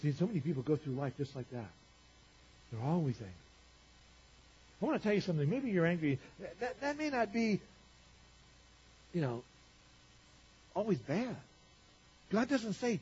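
A male pastor preaching a sermon to a congregation, talking conversationally with rhetorical questions and swinging from loud to quiet. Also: sits high, sing-song, normal speed, pauses often, slightly rough. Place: church. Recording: dull lo-fi church recording.

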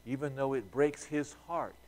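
A man's voice: medium pitch, normal speed, a little mellow. A man preaching a sermon to a congregation in a conversational way, asking them rhetorical questions and repeating words as he restarts. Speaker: pastor.

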